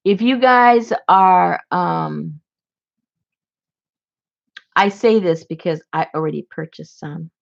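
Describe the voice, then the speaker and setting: A woman's voice: fairly low pitch, takes it slowly, creaky, long pauses, muffled recording. A woman chatting casually in a vlog, giggly and rambling as she shows off handmade gifts. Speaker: crafter showing handmade gifts.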